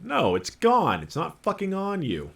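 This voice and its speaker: A man voicing a crude police sergeant who loudly mocks a colleague. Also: high-pitched, huge pitch swings, unhurried, gravelly, voice pushed up, full character voice. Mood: mocking. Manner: jeering, loud, crude. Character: mocking loud male police sergeant.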